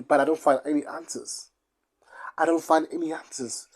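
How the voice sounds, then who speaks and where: Young South African vlogger, casual storytime, rambly and repetitive, mid-pitched voice. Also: steady tone, normal speed, a little mellow. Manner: rambling, repeats phrases for emphasis. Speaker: YouTuber.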